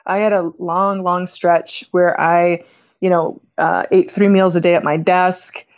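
A middle-aged woman speaks as a guest in a podcast conversation, candid and reflective as she works through her thoughts. Her voice sits a little low, and the audio is slightly dull. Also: little pitch movement, a little slow. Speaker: podcast guest, company founder. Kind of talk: casual conversation.

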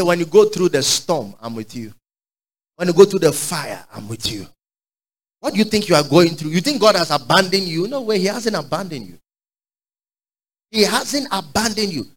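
A man preaching a sermon, fervent and call-and-response, swinging from shouts to quiet asides. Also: on the high side, rough recording.

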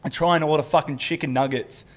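A man's voice: on the high side, fairly even intonation, fast talker. A young Australian man, a comedian guest, telling crude party stories in a casual podcast chat, swearing and laughing, scattered after a big weekend. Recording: noisy podcast recording.

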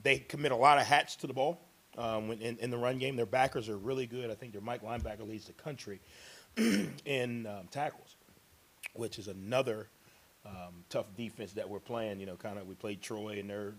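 A man, a college football coach, answering press conference questions in a measured, explanatory way with frequent ums. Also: medium pitch.

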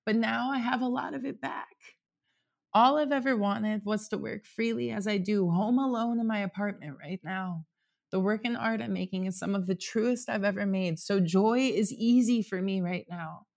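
This guest, a man in his thirties, has a gravelly, high-pitched voice and moves at a moderate pace. Sitting in a home apartment, he rambles candidly through a warm, casual talk, dropping "like" often and swearing freely.

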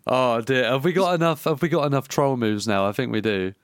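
A man's voice: mid-range voice, fairly quick, clear, resonant tone, dry recording. Offhand man on a dry mic. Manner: relaxed, offhand, swears casually. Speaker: podcast co-host. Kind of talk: casual gaming chat.

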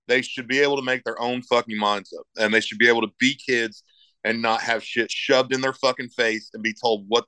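A man's voice: on the high side, sharp tone, dry recording, low-quality recording. A middle-aged man in casual podcast chat, rambling and emphatic, swearing constantly as he talks about raising his kids.

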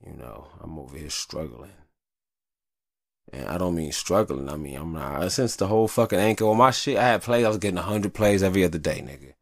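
A man's voice: sits low, expressive, fairly quick, vocal fry, no echo, studio quality. A man hosting a podcast, venting in a heated, profane casual monologue. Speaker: podcast host.

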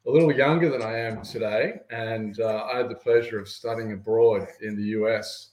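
A man's voice: on the low side, a little mellow. A man in his thirties with an Australian accent, a guest telling a story in an enthusiastic casual chat. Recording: roomy echo.

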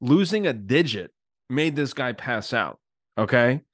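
A man's voice: medium pitch, expressive, unhurried, no room sound, clean studio sound. A man co-hosting a podcast, ranting bluntly and crudely in casual chat. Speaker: podcast co-host.

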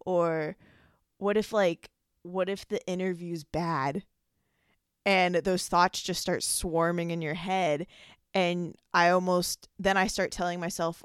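A woman's voice: lowish voice, steady tone, takes it slowly, clean tone, dry recording, clean studio sound. A young woman hosting her own podcast, talking casually and rambling, with lots of "like" fillers. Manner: chatty, rambling, many fillers like "like". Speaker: podcast host. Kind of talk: casual solo podcast monologue.

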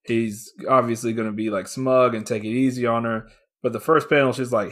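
Animated, laughing man reviewing comics. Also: medium pitch, normal speed. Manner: animated, swears, laughs often, acts out characters' lines. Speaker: podcast co-host. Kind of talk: casual comic book review chat.

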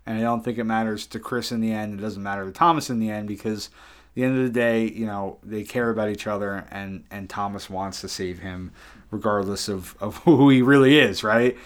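A man's voice: fairly low pitch, steady tone, brisk. A man co-hosting a podcast in casual chat, earnestly retelling scenes from a book. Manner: earnest, retells scenes with quoted lines, chuckles. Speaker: podcast co-host.

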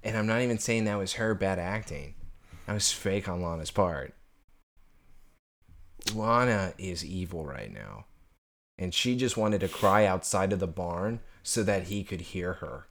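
A man's voice: sits low, lively intonation, a little slow. Teasing young man, laughs a lot. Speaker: podcast co-host. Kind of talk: casual rewatch podcast chat.

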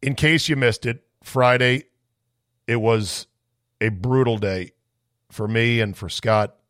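A man hosting a podcast, reading listener mail in a wry, sarcastic, rambling way, his voice slightly hoarse. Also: mid-range voice, slow, fairly bright tone, no echo, studio quality. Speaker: podcast host.

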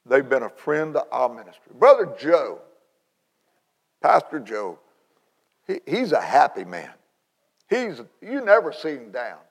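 A man, an evangelist telling a story in a sermon, folksy and animated with many restarts, in a large church hall. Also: medium pitch, measured pace, gravelly, pauses often, slightly rough. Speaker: evangelist preacher.

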